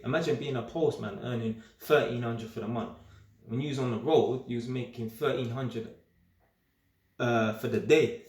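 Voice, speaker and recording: In an echoing room, a young man vlogs a casual, straight-talking monologue, his mid-pitched voice loaded with streetwise slang. Animated and emphatic, he keeps circling back to repeat himself.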